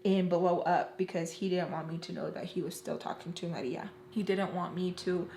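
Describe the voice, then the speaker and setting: This casual makeup storytime features a woman vlogger whose low, dark voice keeps a steady tone even as she rapidly and emotionally relates a personal story, saying "like" constantly among other fillers. Echo from the room and slight background noise can be heard.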